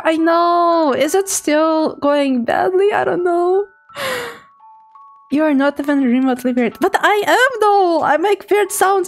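A young woman, a native Russian speaker, chatting casually on a live stream, giggly and talkative, often laughing as she reads chat. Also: high-pitched.

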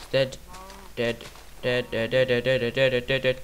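A gaming YouTuber with a mid-range voice and a completely flat delivery speaks a little slowly over a bit of hiss or hum. He gives rambling, silly let's-play commentary on his own game, talking to himself and singing nonsense syllables.

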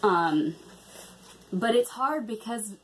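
A woman's voice: medium pitch, lively intonation, slow, a little hiss or hum. A woman chatting casually in a craft vlog, hesitant with many ums and restarts. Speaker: cross-stitch vlogger.

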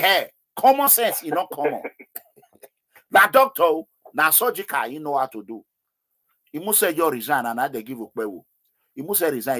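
This is a Nigerian man hosting a political call-in show, with a slightly high voice. He talks excitedly and drifts between English and Pidgin as he holds forth on party politics. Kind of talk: animated political commentary with callers.

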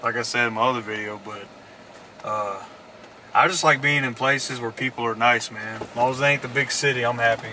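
A man's voice: medium pitch, fairly even intonation, brisk, bright, forceful tone, recorded from a distance. A man from Mississippi with a Southern accent, chatting casually and laughing often as he hosts a driving vlog. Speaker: vlog host. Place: inside a moving car. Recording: car and road noise. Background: road and car noise.

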